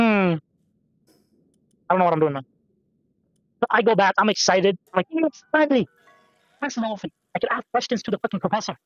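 Over his gameplay, a young adult man muses aloud with casual swearing and self-deprecating rambles. His high-pitched voice is a bit bright, though the audio is dull and echo-free.

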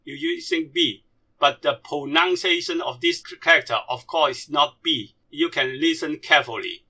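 A man whose first language is Cantonese, teaching a slide-based lesson in non-native English and slowly drilling syllables one by one. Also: fairly high pitch, sing-song, bright, forceful tone.

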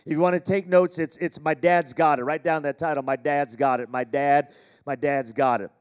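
A man's voice: a little high, fairly even intonation, moderate pace, smooth. A middle-aged American man from Los Angeles preaching a sermon, joking with the congregation and calling for responses. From Los Angeles, California. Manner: jokey, calls for audience responses. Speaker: pastor. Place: large church auditorium.

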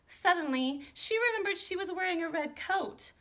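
A woman art teacher reading a children's picture book aloud with an expressive, animated delivery. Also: very high voice, moderate pace. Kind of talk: storybook read-aloud.

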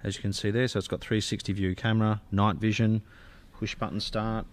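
A man's voice: lowish voice, level tone, brisk, slight background noise. A man giving a gushing car-sales walkaround as a dealer. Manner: enthusiastic, gushing sales talk.

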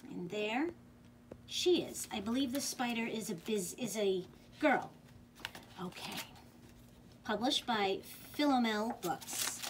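Youth librarian, female, slightly high voice, slow and singsong, gentle storytime read-aloud with a craft demo. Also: a little hiss or hum.

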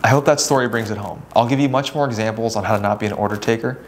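A man's voice: lowish voice, steady tone, very fast, slight background noise. Casual, chatty man giving real estate advice. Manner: conversational, with many "right?" tag questions and acted-out client dialogue. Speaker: real estate agent and educator. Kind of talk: casual talking-head advice.

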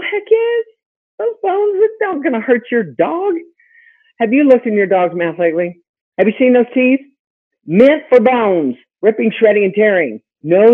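Woman webinar host, husky voice, chatty teacher with rhetorical questions, tinny phone-line sound. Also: on the high side. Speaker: host and pet health consultant.

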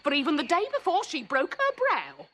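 A chattering, bawdy old nurse in a classical TV drama. Her voice sits high and bright, bouncing up and down as she rambles through her memories and laughs at her own jokes. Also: wildly swooping pitch, moderate pace, heavily acted. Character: garrulous older nurse, bawdy, fond, rambling. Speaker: nurse in a period stage drama. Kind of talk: classical verse acting.

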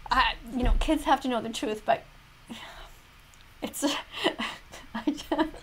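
High-voiced woman lecturing like a teacher. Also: takes it slowly, slight background noise. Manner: lecturing, moralizing, grades with check marks. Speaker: teacher reacting to a parody video. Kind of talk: reaction commentary in mock-classroom style.

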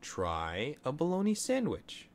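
A man voicing a patient but firm mother in a children's storybook, speaking calmly and plainly. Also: fairly high pitch, slow, voice pushed up, full character voice. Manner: calm, firm and plainly spoken. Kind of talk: storybook reading.

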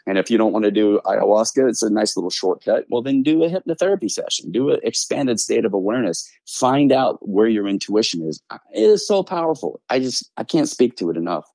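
Low-voiced man, animated storytelling. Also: brisk, vocal fry, few pauses, no echo. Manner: animated, acts out voices in anecdotes. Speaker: podcast guest. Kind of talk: casual conversational storytelling.

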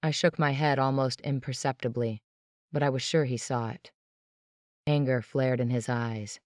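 A woman's voice: very deep voice, fairly even intonation, normal speed, no room sound, studio quality. A woman narrating a tense, dramatic first-person audiobook.

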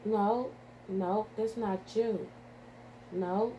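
An older woman rambles on her home vlog, her pitch climbing and dropping as she swears and laughs at herself. She talks at a slow, drawn-out pace into her phone or computer mic. A faint hum of room noise sits under her voice. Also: steady tone, dark tone. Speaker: YouTuber. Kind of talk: casual vlog chat.

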